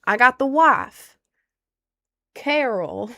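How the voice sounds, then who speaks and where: A young woman voicing a boastful Texan rancher man in a put-on Southern accent, halting and drawn out. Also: on the high side, animated, vocal fry, bright, forceful tone, heavily acted. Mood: mock-proud.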